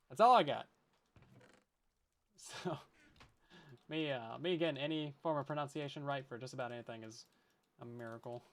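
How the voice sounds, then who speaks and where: Chatty, jokey man with a higher voice. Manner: joking, self-deprecating, laughs often; rambling, chatty asides. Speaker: Minecraft streamer. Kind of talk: casual let's-play chat with viewers.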